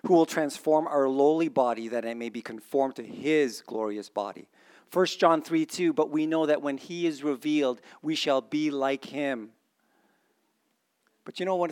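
A man preaching a sermon, reading scripture aloud and quizzing his congregation, swinging from excited exclamations to quiet earnest emphasis. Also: mid-range voice, smooth. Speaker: pastor.

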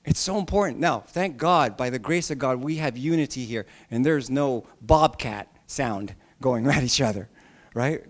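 A man's voice: medium pitch, normal speed. A male pastor preaching a sermon with emphatic repeats and joking asides.

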